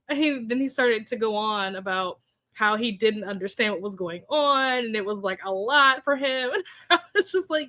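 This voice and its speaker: Young woman, stream host, bright higher voice, chatty and quick to laugh, dry close sound. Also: no echo. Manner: chatty, laughs often, greets viewers by name. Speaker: livestream host. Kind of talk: casual chat with live chat readers.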